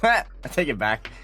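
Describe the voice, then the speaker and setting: A man giving casual gaming stream commentary, excitable and loose-tongued, swearing and bursting into laughter. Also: on the high side.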